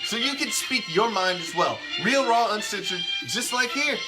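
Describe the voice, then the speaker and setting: Man, fan show host, high voice, profane, heated rambling rant, music behind. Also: animated, normal speed. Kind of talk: casual ranting commentary.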